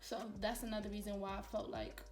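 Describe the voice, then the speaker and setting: A young woman telling a storytime to her viewers while doing her makeup, animated and talking straight to them. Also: mid-range voice, a little fast, roomy sound, distant mic, faint music behind. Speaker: beauty vlogger.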